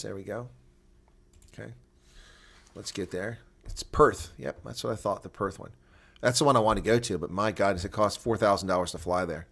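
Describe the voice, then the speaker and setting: A man hosting a casual live rugby watch-along, chatting loosely, laughing often and reading viewer comments aloud. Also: on the low side.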